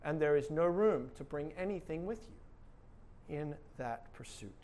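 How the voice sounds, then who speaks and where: A man's voice: a little high, expressive, moderate pace, darkish tone. A male pastor preaching a sermon with emphatic delivery and rhetorical questions.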